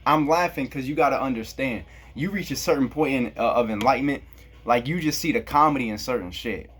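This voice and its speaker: This Kansas vlogger speaks a little fast in a mid-range voice that's fairly bright and slightly rough. With a Black American English accent, he drifts through a profane, easygoing monologue, laughing at his own jokes.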